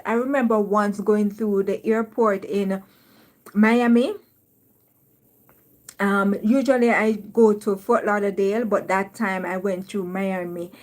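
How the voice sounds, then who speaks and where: A woman's voice: mid-range voice, darkish tone. A woman from Jamaica with a Jamaican accent, hosting a casual live stream, reading viewer comments aloud and laughing often.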